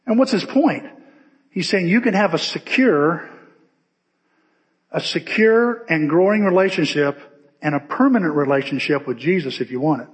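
Male pastor, conversational sermon delivery, fairly high-pitched, long church reverb. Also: normal speed. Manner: conversational, animated storytelling. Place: church sanctuary.

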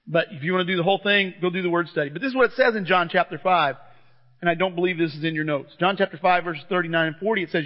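Middle-aged guy preaching, high voice, chatty and excited, muffled churchy echo. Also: rapid-fire. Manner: conversational, enthusiastic storytelling. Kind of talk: sermon. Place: church hall. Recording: muffled church recording with long reverb.

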